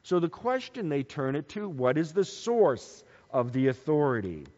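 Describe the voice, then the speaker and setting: Lively preacher in an echoing hall. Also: male voice, moderate pace. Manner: animated, swings from loud emphasis to quiet low asides. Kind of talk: bible teaching sermon. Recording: dull sound with long hall reverb.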